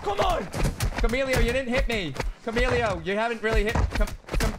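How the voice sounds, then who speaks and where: A man streaming a shooter game, giving loud, rapid callouts to his teammates and often shouting. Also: very high voice, animated. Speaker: gaming streamer. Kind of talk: excited gameplay commentary. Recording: gameplay noise under voice. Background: game sounds and clicks.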